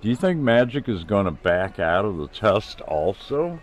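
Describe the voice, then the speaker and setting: A man's voice: lowish voice, big pitch swings, moderate pace, muffled recording. A man voicing a giggly, playful young woman in a self-read storybook. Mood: curious.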